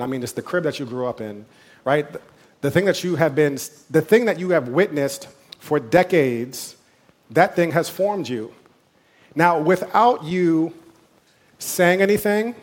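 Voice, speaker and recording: Conversational man preaching, slightly high. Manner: conversational preaching with asides and quoted voices. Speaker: pastor. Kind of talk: sermon.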